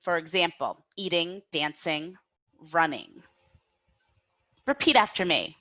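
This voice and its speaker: A woman teaching a grammar lesson, speaking slowly and clearly and having learners repeat after her. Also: fairly low pitch, lively intonation, bright, forceful tone, highs cut off. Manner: slow, clear, drills learners with repetition. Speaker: English teacher.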